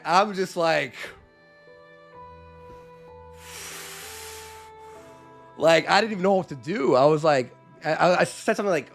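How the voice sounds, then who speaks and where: A man casually telling a story on a live stream, animated, acting out what people said with shifting voice and volume. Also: a little high, slow, gravelly, pauses often, faint music behind.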